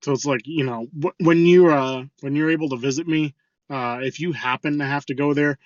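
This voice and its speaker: A man's voice: a little high, brisk, dry recording, highs cut off. A man co-hosting a podcast, telling a crude work story in casual chat, swearing freely. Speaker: podcast co-host.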